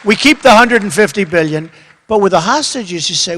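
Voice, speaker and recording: A man's voice: on the high side, lively intonation, moderate pace. Older man giving an emphatic campaign speech. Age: 70s. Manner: repetitive, emphatic, swings from quiet asides to loud bursts. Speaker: candidate speaking at a rally event. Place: large hall with an audience. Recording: echoey hall with crowd behind.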